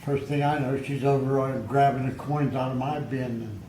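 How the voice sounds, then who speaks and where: A man's voice: medium pitch, steady tone, moderate pace, dark tone. An older man, a grandfather, with a worn voice, telling family stories with dry, wry humor. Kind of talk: casual family chat. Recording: echoey room with faint noise.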